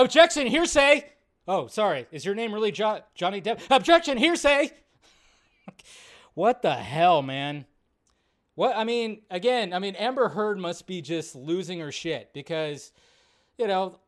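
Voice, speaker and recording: A man hosting a live show, chatting casually in a rambling way and swearing often during animated rants. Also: high voice. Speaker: host.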